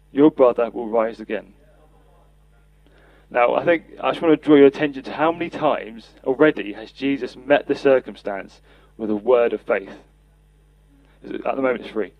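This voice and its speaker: A man's voice: mid-range voice, moderate pace, highs cut off. A man preaching a sermon, earnest, reading and acting out scripture quotes for a podcast. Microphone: podcast mic.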